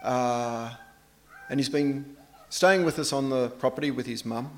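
A man's voice: mid-range voice, unhurried. Aussie guy preaching, chatty and self-mocking, middle-aged. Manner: conversational, anecdotal, self-deprecating. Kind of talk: sermon.

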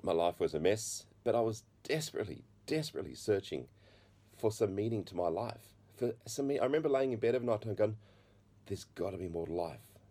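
A middle-aged man sharing his personal testimony, halting with many restarts, and a slight cough. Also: lowish voice, lively intonation, warm tone. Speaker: speaker giving his testimony.

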